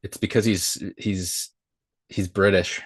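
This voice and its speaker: A man joins a casual stream chat as a guest, rambling and halting as he searches for words. His voice is very low, and the sound is dry and close with no room echo. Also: steady tone.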